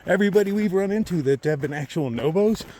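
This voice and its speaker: Swearing hiker ranting outdoors. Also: male voice, sits high, fast talker, a little hiss or hum. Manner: profane, animated rant that swings between loud outbursts and muttered asides. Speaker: long-distance thru-hiker vlogger. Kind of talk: casual storytelling. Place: outdoors on a hiking trail.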